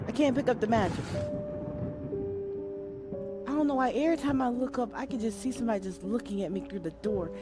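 A woman streamer plays a horror game over loud game music, her voice on the high side and a little fast, broken by long pauses. Jumpy and scared, she swears and talks back to the game in this let's play.

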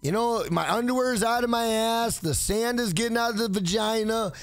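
A man hosting a casual livestream, loud, profane and joking as he reads chat aloud. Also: very high-pitched, moderate pace, dry recording, soft background music. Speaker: livestream host.

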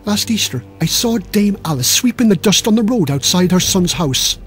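A man voicing a spiteful, gossiping village woman who tattles in a hushed, conspiratorial way. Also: high voice, lively intonation, normal speed, faint music behind. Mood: sly.

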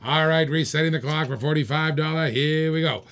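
A man hosting a live-stream auction, calling bids in rapid repeated phrases and egging bidders on. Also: fairly high pitch, a bit bright. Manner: rapid repetitive bid calling, hyping bidders. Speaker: auctioneer host.

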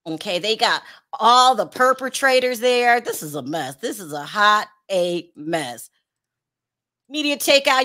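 Chatty and animated, a woman hosts a laid-back celebrity gossip show in a fairly high voice. She reads out comments from viewers and scolds in stretched-out repeats.

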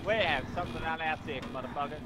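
A man's voice: a little high, quick pace, lightly acted. A man in a casual gaming chat, putting on an exaggerated Southern US drawl, cursing and calling out targets in mock military radio talk. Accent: put-on Southern US. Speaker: gamer doing a put-on redneck voice. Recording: game gunfire and engine noise behind.

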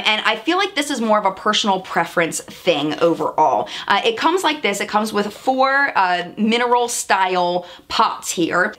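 A woman's voice: medium pitch, a bit bright. A woman vlogger giving a chatty, candid makeup review, stressing her points by repeating words. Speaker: beauty vlogger. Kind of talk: product review vlog.

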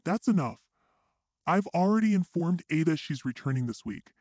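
A man's voice: fairly high pitch, lively intonation, normal speed, darkish tone, dry recording, highs cut off. A man voicing a domineering, impatient husband who speaks in curt demands.

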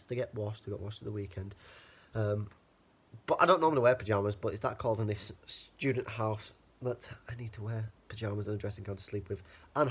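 Fighting a cold, a young student talks casually into the camera he holds in his student-house bedroom, rambling and swearing as he goes. His voice is fairly low and a little rough.

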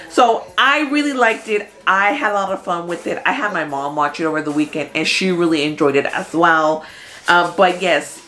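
Chatty woman reviewing movies, low voice. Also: fairly bright tone. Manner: chatty, filler-heavy, talks straight to viewers. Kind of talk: casual movie recap chat.

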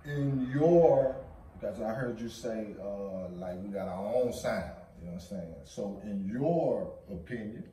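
A male podcast host asking slow, searching interview questions. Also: fairly low pitch, expressive, mellow, recorded from a distance, slight background noise. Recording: echoey room, away from mic.

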